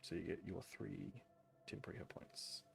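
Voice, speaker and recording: A man acting as game master for a tabletop game over voice chat, laid-back with frequent ums and quick laughs. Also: sits low, fairly even intonation, creaky.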